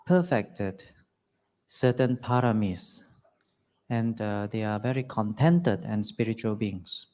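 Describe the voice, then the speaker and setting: A man from Malaysia giving a Buddhist Dhamma discourse, explaining in a measured way with frequent filler pauses. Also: medium pitch, darkish tone. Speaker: Dhamma speaker.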